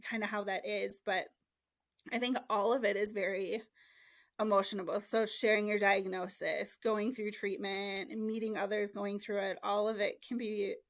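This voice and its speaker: A woman's voice: medium pitch, level tone, moderate pace, dry recording. A woman hosting a podcast, speaking in a heartfelt, reflective way in casual interview chat. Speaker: podcast host.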